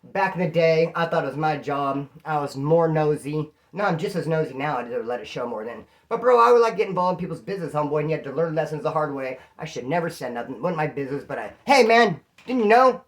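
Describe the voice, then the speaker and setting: A man's voice: on the high side, fast, few pauses. A man from California casually telling a story about his time in jail, talking in slang and acting out the voices of the people he quotes. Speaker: prison storyteller.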